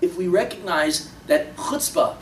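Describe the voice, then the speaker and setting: A man's voice: sing-song, a little slow. Impassioned man lecturing in an echoey room. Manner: impassioned, rising to emphatic peaks then dropping low. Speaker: Torah teacher. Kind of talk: religious lecture. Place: room with listeners. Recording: echoey room, distant mic, faint noise.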